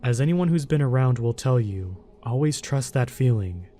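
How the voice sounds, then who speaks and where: Calm man narrating a horror story. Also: mid-range voice, normal speed, faint music behind.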